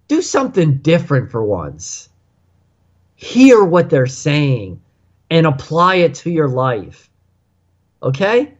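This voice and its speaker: A male radio talk show host speaking in an emphatic, preachy way and repeating himself to take calls. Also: fairly high pitch. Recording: muffled lo-fi radio audio.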